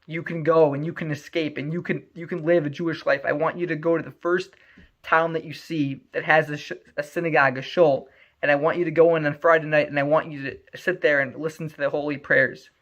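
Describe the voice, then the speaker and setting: A man's voice: fairly high pitch, level tone, brisk, a bit bright. Urgent tender mom, a man doing her voice, muffled lo-fi audio. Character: loving secretive mother, urgent and tender.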